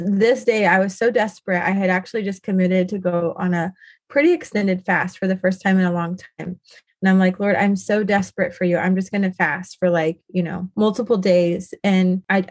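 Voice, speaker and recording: Woman, thirties, podcast guest, loose and rambling, mid-pitched voice. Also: steady tone, moderate pace. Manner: rambling, full of "like" and "you know". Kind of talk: casual podcast conversation.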